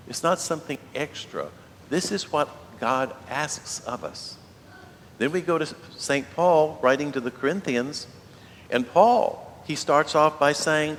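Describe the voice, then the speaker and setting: A man's voice: measured pace, a bit bright. Older man giving a homily in a reverberant church. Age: 70s. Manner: conversational storytelling with rhetorical questions. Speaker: priest. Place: large church. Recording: long church reverb, faint rumble.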